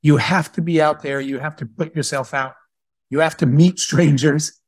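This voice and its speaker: An entrepreneur speaking as a guest at a live Q&A tells stories animatedly, slipping into the voices of the people in them. His husky voice sits a little high for a man at a normal speed, and the sound is dry and close with no room around it.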